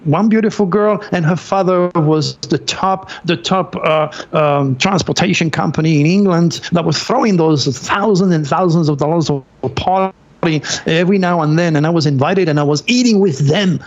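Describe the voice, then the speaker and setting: Male guest, French accent, lively raconteur, raspy edge, dull remote-call sound. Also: on the high side. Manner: animated, excitable storyteller with halting non-native phrasing. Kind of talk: storytelling in an interview.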